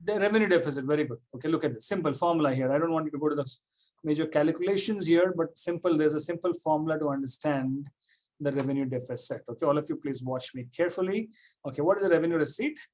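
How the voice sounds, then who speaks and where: A man's voice: a little high, fast talker, a little mellow. A man teaching a classroom economics lecture, repeating points and checking often that students follow.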